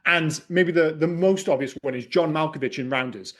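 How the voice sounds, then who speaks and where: A man's voice: on the high side, normal speed. A man co-hosting a podcast, giving strong, sweary opinions in casual film talk. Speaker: podcast co-host.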